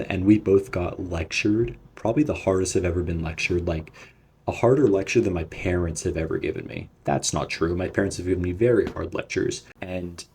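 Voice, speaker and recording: A man's voice: low-pitched, a little mellow, slight background noise. A young man telling a storytime vlog in a casual, rambling, profane way. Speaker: vlogger.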